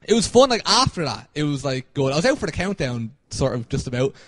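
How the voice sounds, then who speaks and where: A man's voice: fairly high pitch, big pitch swings, fairly quick, no echo. A young man co-hosting a podcast, rambling and laughing through a casual story with lots of fillers. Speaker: podcast co-host.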